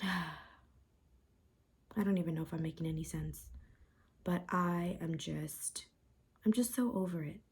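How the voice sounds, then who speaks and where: A woman's voice: lowish voice, slow pace, pauses often, husky. A young woman talking candidly and upset in a confessional vlog, rambling and repeating herself. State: upset and frustrated. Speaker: vlogger.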